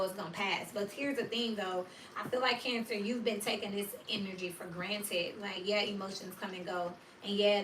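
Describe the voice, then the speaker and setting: A blunt, slangy woman gives a casual tarot reading, cursing freely and acting out her stories. Her voice is bright and edged. She sounds set back from the mic in a room with plenty of echo. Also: medium pitch, slight background noise. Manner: animated storyteller. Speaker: tarot reader. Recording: roomy echo, distant mic.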